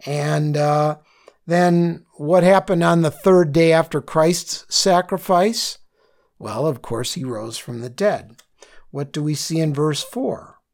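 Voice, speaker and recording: Speaking slowly in a gravelly, creaky voice that sits fairly high and sounds a little mellow, a man leads a Bible study lesson. He tells listeners which words to underline and circle, frequently checking in with "okay?".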